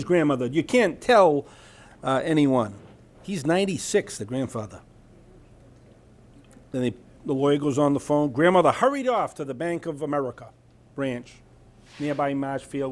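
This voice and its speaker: A man's voice: on the high side, darkish tone. A man giving an informal talk about scams, reading from a news article with chatty asides and frequent "right?" checks. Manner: chatty, asks "right?" often, trails off mid-sentence. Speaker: presenter at a scam awareness talk.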